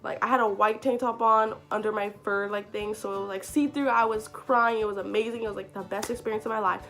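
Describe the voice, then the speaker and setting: A young woman telling a story to camera in a casual vlog, chatty and excitable, full of "like" fillers. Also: mid-range voice, fast talker. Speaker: vlogger.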